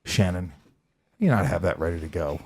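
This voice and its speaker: A man's voice: low voice, moderate pace, gravelly, a little mellow, breathy edge. A man hosting a comedy podcast debate, joking around while running the clock and the rounds. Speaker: host and moderator. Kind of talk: casual comedy podcast chat.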